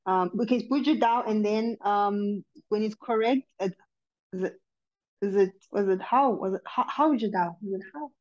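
A woman's voice: medium pitch, moderate pace, a little mellow, highs cut off. A woman student on a video call, eager, thinking aloud and repeating new words in a casual online language lesson.

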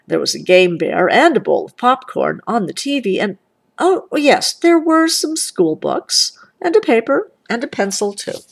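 Slow, expressive mother reading aloud. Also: a little high, creaky. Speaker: mother reading to her child. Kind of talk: storybook read-aloud.

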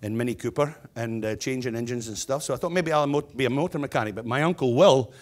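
A man's voice: mid-range voice, quick pace. Scottish man, 60s, keynote speaker; blunt, jokey, conversational delivery. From Scotland. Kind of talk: humorous keynote speech.

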